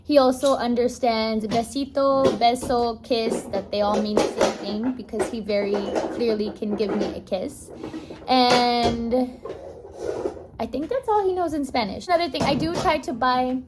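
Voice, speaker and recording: At home indoors, a woman who is the mother of a toddler vlogs casually, explaining things in a chatty way full of fillers and restarts. Her voice is fairly high and a little slow, and loud music plays behind it.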